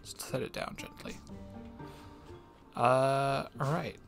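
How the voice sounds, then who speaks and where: Man with a gravelly voice playing a game. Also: mid-range voice, steady tone, slow, soft background music. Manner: casual, rambling with fillers and restarts. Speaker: streamer. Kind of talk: let's-play commentary.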